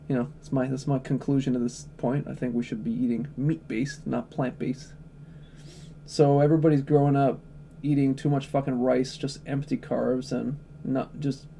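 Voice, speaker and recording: A man's voice: mid-range voice, creaky, warm tone, slight background noise. A man chatting casually on a livestream, blunt, opinionated and profane, answering chat questions.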